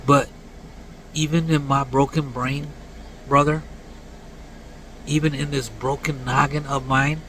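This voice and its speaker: A man in his late forties delivering a blunt, earnest rant to camera, dropping to low mumbled tags at the ends of lines. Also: fairly even intonation, measured pace, long pauses, a bit bright, slight background noise, poor audio. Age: 40s. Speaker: vlogger. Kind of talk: casual preachy rant to camera.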